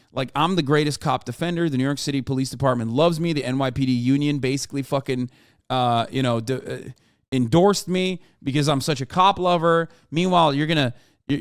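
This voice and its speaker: A man's voice: mid-range voice, smooth, dry recording, clean studio sound. A man giving casual, profane, sardonic commentary as a streamer, rambling through reactions.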